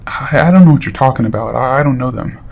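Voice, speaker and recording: A man's voice: mid-range voice, quick pace, creaky, a little mellow. A man voicing a nervous, shifty young man who stammers and pleads as he lies.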